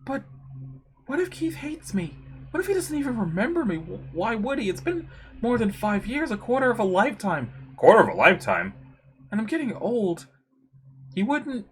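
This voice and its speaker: A woman's voice: on the high side, a little hiss or hum. Nervous shy young woman, as a reader does her. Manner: nervous, self-doubting.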